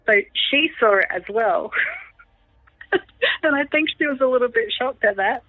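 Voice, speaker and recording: A woman in her thirties, a podcast guest telling a personal story in an animated way, laughing often. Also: on the high side, normal speed, dry recording. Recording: tinny phone-like line, dry.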